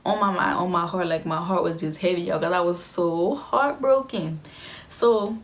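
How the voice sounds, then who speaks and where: A woman's voice: lowish voice, normal speed. A young adult woman casually telling a personal story to her viewers in a chatty, emphatic way. She often repeats phrases for effect.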